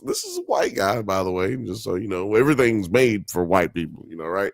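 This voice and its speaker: A man's voice: lowish voice, wildly swooping pitch, brisk, gravelly, hardly any pauses, no echo, clean studio sound. A man from Alabama with a Southern accent, hosting a podcast and rambling casually through profane, digressive commentary on a documentary. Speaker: podcast host.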